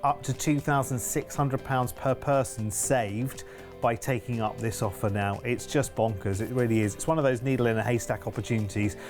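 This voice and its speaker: A British man hosting a travel deals show, talking in a chatty, emphatic and upbeat way. His voice sits at an ordinary middle pitch for a man. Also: normal speed, darkish tone, faint music behind. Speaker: TV shopping channel presenter. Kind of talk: enthusiastic sales chat.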